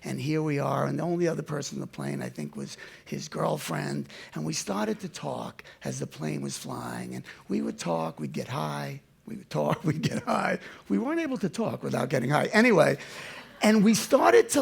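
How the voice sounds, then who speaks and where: A man in his seventies with a gravelly voice, telling his life story to an audience in an animated way that swings from loud to hushed. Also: sits high, moderate pace. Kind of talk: storytelling talk.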